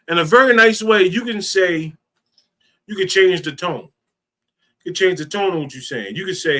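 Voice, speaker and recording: Bright, emphatic man leading a talk. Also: high voice, moderate pace, long pauses. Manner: emphatic, repeats key phrases. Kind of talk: informal teaching talk.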